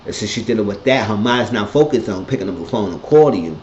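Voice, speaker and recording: Man, low voice, casual recap, blunt and cussing, echoey dull room, faint hiss. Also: fast talker. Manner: animated, blunt, profane storytelling. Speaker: TV episode reviewer.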